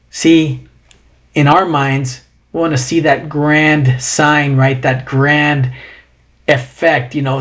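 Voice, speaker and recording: A man preaching a sermon, reading scripture with feeling and breaking into conversational asides. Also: on the high side.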